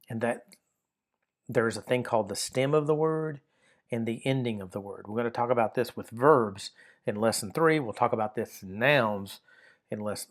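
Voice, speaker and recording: Guy teaching a video grammar lesson, patient, lots of ums and restarts. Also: mid-range voice. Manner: patient, explanatory, with frequent fillers and repeated words.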